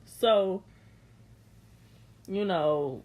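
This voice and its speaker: A woman's voice: medium pitch, very slow, a little mellow. A young woman recapping a reality show in blunt, slangy, sassy chat, unscripted.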